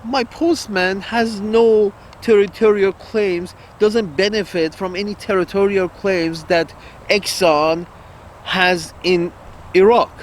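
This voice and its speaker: A man's voice: high voice, steady tone, slow pace, slight background noise. A man giving a rambling political monologue to his audience, blunt and crude, repeating himself and laughing at his own jokes. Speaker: online commentator.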